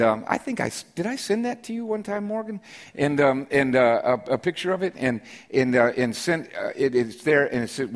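Pastor preaching with conversational humor. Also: male voice, medium pitch. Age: middle-aged. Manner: conversational storytelling with humor, rising to emphatic declarations. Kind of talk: sermon. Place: church sanctuary during a service.

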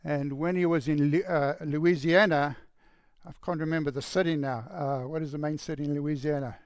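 A man telling a story in a sermon with a gravelly voice, earnest, and dropping to a hushed voice for the quoted lines. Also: a little high, steady tone, moderate pace, no echo, studio quality. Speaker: preacher.

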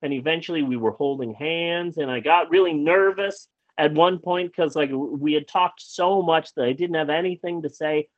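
A man's voice: a little high, normal speed, few pauses, no echo, lo-fi sound. A man casually telling a long personal anecdote as a podcast host, rambling with restarts and acting out what people said. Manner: animated, acts out quoted lines.

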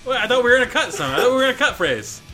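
A man's voice: extremely high pitch, sing-song, racing, over music. A man in his thirties, co-hosting a podcast and rambling through stories with frequent laughter. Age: 30s. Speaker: podcast co-host. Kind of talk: casual podcast banter.

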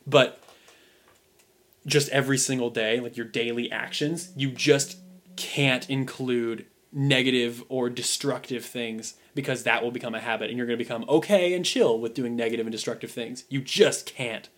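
A young man chats casually as a podcast co-host, wandering from thought to thought with plenty of "like" and "um". His voice sits in an ordinary middle pitch. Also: fairly even intonation, normal speed, a bit bright. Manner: rambling, lots of "like" and "um" fillers. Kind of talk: casual chat.

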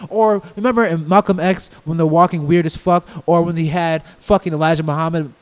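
A man's voice: a little high, fairly even intonation, a little fast, few pauses, clean tone. A man co-hosting a casual podcast, blunt and opinionated, swearing freely. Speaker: podcast co-host. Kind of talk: casual chat. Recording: long reverb on voice.

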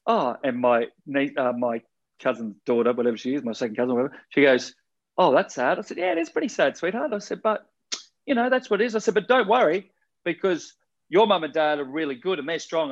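A man talks through life values in a relaxed podcast conversation, earnest and frank, with the odd swear word. His voice sits mid-range and the recording sounds a little dull and lo-fi. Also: mid-range voice. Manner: earnest, rambling, swears casually. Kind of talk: casual podcast chat.

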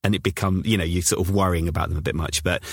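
Husky British dad telling travel stories. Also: male voice, low-pitched, rapid-fire, dry recording, studio quality. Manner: animated storyteller, laughs often. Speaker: podcast co-host. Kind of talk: casual chat.

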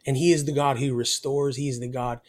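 A middle-aged worship musician speaks fairly quickly in a mid-range, level-toned voice while recounting a personal story in an interview. He comes across as earnest and emotional, softening his voice when discussing faith.

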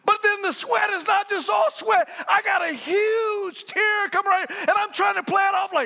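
A man in his fifties preaching a lively sermon as a pastor, telling stories and often shouting with laughter. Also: extremely high pitch, normal speed, creaky, hardly any pauses. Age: 50s. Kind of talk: energetic sermon.

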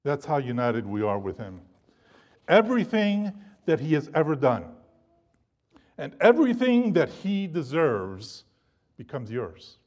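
Male pastor, slightly high-pitched, delivering an animated, emphatic sermon to a seated congregation. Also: unhurried, long pauses. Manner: animated, emphatic preaching with shifting loudness.

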